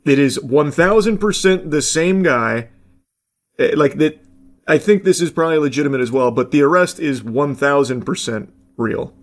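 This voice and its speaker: A man's voice: on the high side, lively intonation, moderate pace. A man giving blunt, casual reaction commentary, talking loosely with plenty of fillers.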